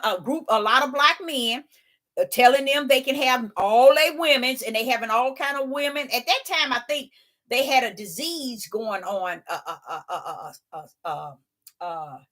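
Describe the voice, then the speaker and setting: A woman's voice: on the high side, fairly bright tone. A woman with an African American English accent, giving casual preaching commentary in an emphatic, repetitive way with stammered fillers. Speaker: live stream host.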